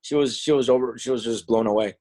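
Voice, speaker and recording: A man speaks for the company on a group call, stumbling and repeating himself as he searches for words. His voice sits at an ordinary middle pitch. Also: a little mellow, rough recording. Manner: halting, repeats words and restarts. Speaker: company representative. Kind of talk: product talk in a group call.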